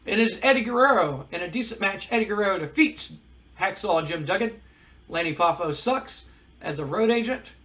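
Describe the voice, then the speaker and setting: A man narrating a wrestling management game in casual commentary, relaxed and recapping with fillers. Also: high voice, normal speed. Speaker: let's-play narrator.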